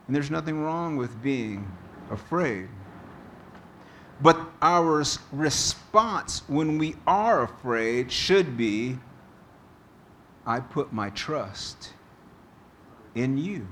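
A man preaching a sermon as pastor, slow and deliberate, telling a story to make his point. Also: a little high, a bit bright, a little hiss or hum.

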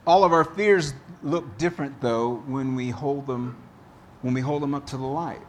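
A man preaching a sermon as pastor, slow and deliberate, telling a story to make his point. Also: mid-range voice, slight background noise.

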